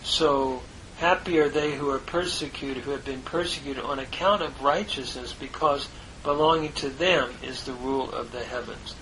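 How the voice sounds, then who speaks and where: A man teaching a verse-by-verse Greek lesson, parsing each word in a deliberate, halting way with many fillers. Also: medium pitch, sharp tone, slight background noise, poor audio. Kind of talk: slow parsing of a biblical text.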